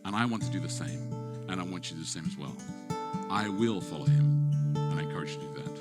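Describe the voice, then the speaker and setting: A middle-aged man preaching, telling a family story, moving between playful, animated moments and quiet, hushed ones. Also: deep voice, quick pace, over loud music. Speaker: pastor. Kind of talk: sermon with personal story. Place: event hall with an audience.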